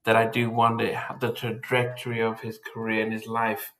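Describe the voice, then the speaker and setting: A man co-hosting a casual podcast chat, halting and repeating words as he thinks aloud. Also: lowish voice, completely flat delivery, fairly bright tone, a little hiss or hum, low-quality recording.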